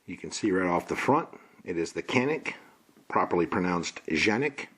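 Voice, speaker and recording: Low-voiced man unboxing a pistol. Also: lively intonation, moderate pace, a bit bright, husky. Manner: plain, matter-of-fact listing of parts. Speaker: gun reviewer. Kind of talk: casual unboxing walkthrough.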